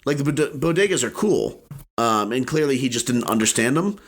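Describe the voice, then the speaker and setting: A young man chatting casually as a podcast guest, joking and animated. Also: moderate pace. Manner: animated, joking, swings high for emphasis. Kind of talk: casual comedic chat.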